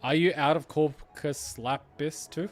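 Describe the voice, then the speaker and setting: A man's voice: on the high side, fairly even intonation, a little slow, faint music behind. A man commentating a game playthrough, sarcastic and joking, swearing often in exasperation. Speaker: game reaction streamer. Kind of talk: casual gameplay commentary.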